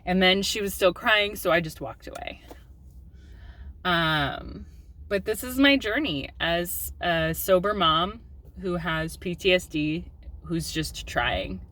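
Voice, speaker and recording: A woman's voice: on the low side, slow pace, pushed and bright. A woman in her thirties talking candidly in a personal vlog, open and confessional with filler ums. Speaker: mom vlogger.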